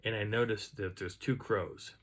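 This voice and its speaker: A man casually recounting an outdoor encounter in a rambling, animated way, now and then imitating the sounds he heard. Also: fairly low pitch, normal speed. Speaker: outdoor storyteller. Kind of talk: casual first-person storytelling.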